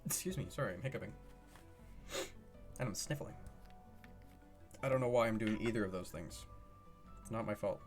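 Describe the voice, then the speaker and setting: A man streaming live, chatting casually with his viewers in an excitable way, laughing often and firing off questions. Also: lowish voice, normal speed, long pauses, soft background music.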